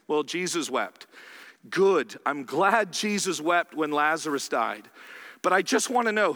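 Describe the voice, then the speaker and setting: A man's voice: high-pitched, sharp tone, big-room sound. A man preaching a sermon as pastor, conversational, often checking in with his listeners through rhetorical questions.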